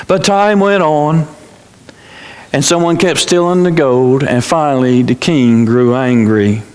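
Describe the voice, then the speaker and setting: A male pastor tells a dramatic story during a sermon, repeating phrases and restarting his words, with the church hall adding reverb. He speaks at a measured pace in a medium-pitched, slightly mellow, clean voice.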